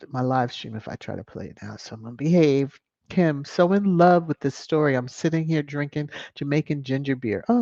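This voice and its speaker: A chatty live stream host reads viewer comments aloud and laughs often, in an animated way. The audio is dull and lo-fi with a dry, close sound and no room echo. The voice sits at a middle pitch.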